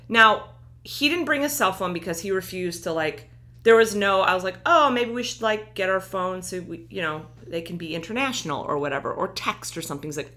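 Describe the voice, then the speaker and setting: A woman with a bright, clear-toned voice chatting casually. She tells a personal story in a lively way and acts out what each person said. Her voice sits in a middle register. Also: mid-range voice, a little fast. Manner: animated storytelling, acting out quoted lines. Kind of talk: casual chat.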